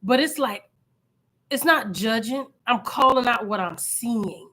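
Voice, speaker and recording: A middle-aged woman, hosting a casual live-stream chat with her viewers in a loud, animated, chatty way. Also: on the high side, a little slow. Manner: chatty, loud and animated, with frequent laughs and repeated phrases. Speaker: channel host.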